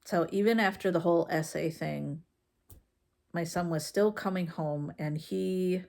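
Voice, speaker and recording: A woman vlogger telling a personal story about her son in a casual, frank way, with halting fillers and restarts. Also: on the low side, gravelly, darkish tone. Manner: frank and conversational. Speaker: mom vlogger.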